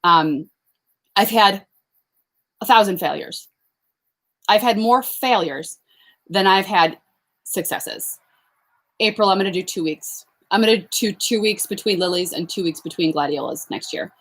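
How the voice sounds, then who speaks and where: Outdoors on her farm, a young woman who grows flowers chats casually on a live stream, answering viewer questions. Her mid-range voice is a bit bright, and she uses lots of fillers and quick laughs.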